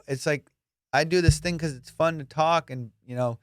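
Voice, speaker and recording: A man's voice: fairly high pitch, fairly quick, clear, resonant tone, dry recording, clean studio sound. A young adult man hosting a podcast, telling comedic stories in a casual, profane way and acting out both sides of conversations. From immigrant, raised abroad. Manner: profane, animated, acts out both sides of dialogues. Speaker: podcast host.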